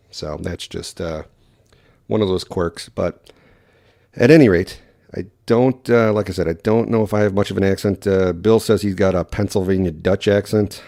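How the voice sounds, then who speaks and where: Brief: male podcast host, Wisconsin accent, deep mellow voice, fast and rambling, lots of "um" and "uh". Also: dry recording, studio quality. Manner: quick, rambling talk with many fillers. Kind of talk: casual solo podcast.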